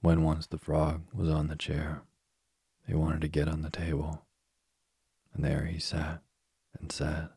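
A man narrating a bedtime story softly and soothingly, close to the mic. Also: extremely low pitch, monotone, creaky, breathy edge, dry recording. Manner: slow, soft-spoken, soothing.

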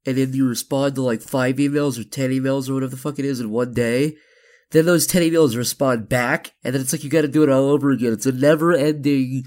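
A man's voice: mid-range voice, steady tone, fast, darkish tone. A man guesting on a podcast, chatting casually and riffing in a rambling, profane, comic way. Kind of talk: casual chat.

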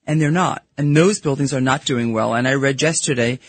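A middle-aged woman with a Brooklyn accent, a guest in a radio studio, talking candidly and emphatically in quick bursts. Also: a bass voice, no echo. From New York. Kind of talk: casual studio interview.

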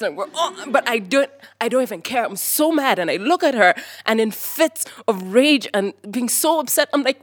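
A woman from Kenya telling a personal story on stage, lively and animated, acting out the voices of people in it. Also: medium pitch, moderate pace, no room sound, clean studio sound.

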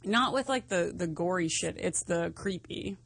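A woman co-hosting a comedy talk show. Her voice is bright and crisp, and she tells stories in a wry, joking way. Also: fairly low pitch, dry recording, studio quality. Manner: wry, quick to laugh. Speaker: co-host. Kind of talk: casual comedic chat.

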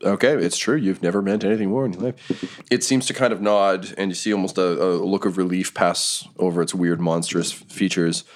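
Low-voiced guy dm-ing a tabletop game, explains stuff calmly with lots of uhs. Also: a little fast. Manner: calm, explanatory narration with fillers. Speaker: dungeon master.

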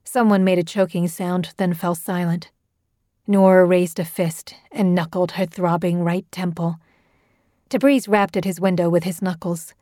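A woman narrates a horror story with a steady, measured delivery. Her tone is mellow and dark, recorded dry and close on a studio mic. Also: lowish voice, no room sound.

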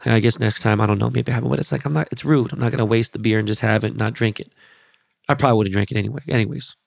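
Gravelly, profane man riffing casually. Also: on the low side, racing, no room sound, studio quality. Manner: profane, rambling storytelling. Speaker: podcast host. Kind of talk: casual monologue.

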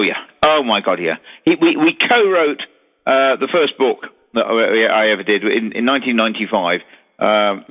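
A man's voice: on the low side, in a large hall. Rambling Englishman on a tinny phone line. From England. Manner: rambling, chatty storyteller with many restarts. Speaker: guest paranormal investigator. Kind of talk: casual radio chat.

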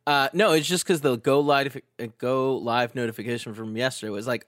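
A man's voice: mid-range voice, fairly quick, no echo, clean studio sound. A man, the producer of a gaming show, chatting casually and swearing freely. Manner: laid-back, swears casually, lively intonation.

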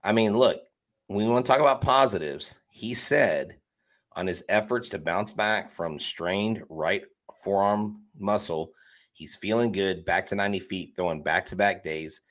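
A man with a low-pitched voice co-hosts a sports podcast in loose, casual chat. He talks in an animated way, teasing his partner and laughing often. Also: unhurried. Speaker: podcast co-host.

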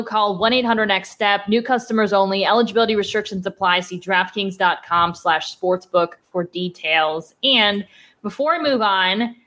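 A woman's voice: mid-range voice, fairly bright tone. A woman co-hosting a sports podcast, chatting casually and reading sponsor spots. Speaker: podcast co-host.

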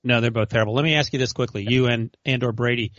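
A man in a casual sports chat, asking quick, pointed questions. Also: medium pitch, fairly even intonation, fairly bright tone, no room sound, highs cut off.

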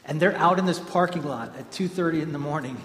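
A man delivers a sermon in a relaxed storytelling manner, his slightly raised voice carrying through a large hall with a long reverb tail. A faint room ambience sits underneath. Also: fairly high pitch, fast, a little hiss or hum. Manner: storytelling, animated and conversational. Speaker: pastor.

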